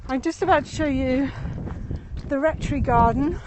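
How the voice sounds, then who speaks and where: A high-pitched woman chats her way through a walking tour outdoors, speaking into a handheld phone as she goes. She rambles, laughs often, and sounds slightly out of breath. Faint open-air ambience sits behind her voice. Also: moderate pace, a little mellow, slight background noise, low-quality recording. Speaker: tour guide. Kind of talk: live-streamed walking tour. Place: outdoors in a city meadow and gardens.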